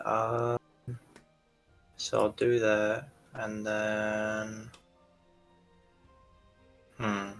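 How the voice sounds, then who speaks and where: A man's voice: fairly low pitch, completely flat delivery, very slow, long pauses, fairly bright tone, faint music behind, rough recording. A man playing a tabletop game, talking loosely and chatting through his moves. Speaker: player. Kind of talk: casual tabletop game play.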